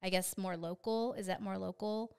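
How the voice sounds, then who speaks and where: A middle-aged woman chatting casually with her daughter, relaxed and rambling, often trailing off. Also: mid-range voice, normal speed, clean tone. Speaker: guest. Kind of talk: casual chat.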